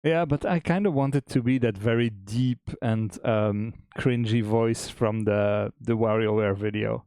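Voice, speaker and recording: A man co-hosting a stream, chatting casually about making a game, relaxed and chuckling, often restarting his sentences. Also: fairly low pitch, a little slow, few pauses, no echo, studio quality. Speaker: game developer and stream co-host.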